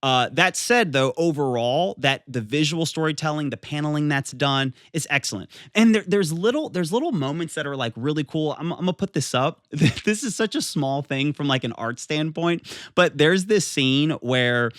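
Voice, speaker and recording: Excited rambling man reviewing manga, dry sound. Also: fairly high pitch, moderate pace, no echo. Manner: enthusiastic, rambling with many fillers and restarts. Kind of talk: casual video review.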